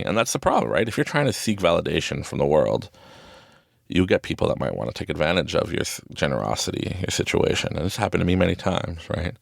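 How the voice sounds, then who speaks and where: A man with a very low, gravelly voice rambles through a casual motivational talk, his pitch swinging up and down a lot as he goes. He hosts a podcast from a small closet and laughs often, and the sound is close and dry with no room echo. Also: big pitch swings, fast. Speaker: podcast host.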